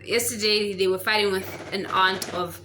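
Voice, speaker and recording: Chatty woman vlogger, bright tone, faint room noise behind her. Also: medium pitch, little pitch movement, normal speed. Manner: chatty and gushing, lots of fillers. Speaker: book reviewer. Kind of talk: casual vlog chat. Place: home near a busy road.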